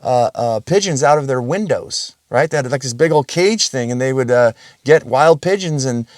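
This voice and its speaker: A man's voice: medium pitch, lively intonation, moderate pace, no room sound, clean studio sound. A man hosting his own podcast, talking casually and bluntly in a rambling solo monologue, swearing freely. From Russian family background. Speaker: podcast host.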